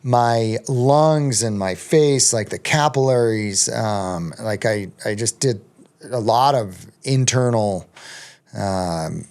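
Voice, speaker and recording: A man's voice: lowish voice, slow, a little mellow, clean tone. A middle-aged man telling a long story as a podcast guest, rambling with many ums and restarts. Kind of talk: casual storytelling.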